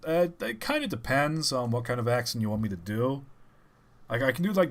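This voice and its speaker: A young man, chatting and telling stories casually on a live stream, animated and dropping the odd swear word. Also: medium pitch, brisk.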